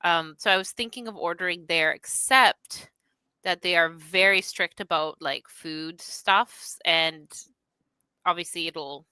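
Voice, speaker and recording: A woman's voice: fairly low pitch, a little slow, sharp tone, smooth, no room sound. A Canadian woman ranting in casual podcast chat, swearing freely.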